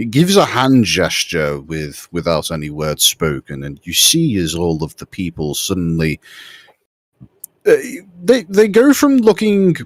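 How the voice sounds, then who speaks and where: A man's voice: deep voice, no room sound, studio quality. A man narrating a tabletop game as game master, rambling with fillers and restarts.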